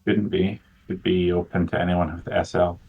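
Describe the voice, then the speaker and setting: A man's voice: low voice, little pitch movement, normal speed, breathy edge, narrow, tinny audio. A man leading a game playtest over a voice call, laid-back and joking, swearing casually. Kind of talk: casual voice chat.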